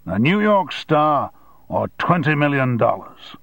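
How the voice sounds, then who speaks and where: A man's voice: medium pitch, sing-song, unhurried, creaky, fairly bright tone, no echo, pitched above the performer's own voice, heavily acted. A man voicing a blunt, domineering male newspaper tycoon, curt and demanding. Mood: boastful.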